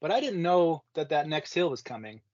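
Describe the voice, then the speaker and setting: A man's voice: on the high side, sing-song, a little fast, darkish tone, no echo. A man guesting on a podcast, telling a race story in easygoing casual chat and laughing at himself. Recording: dry, dull lo-fi sound.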